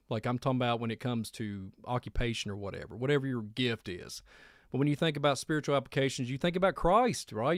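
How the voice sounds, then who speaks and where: A man's voice: mid-range voice, dry recording, clean studio sound. A man from Kentucky with a country accent, hosting a casual monologue, rambling and laughing often. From Kentucky, USA. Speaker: host. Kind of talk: casual radio-style monologue.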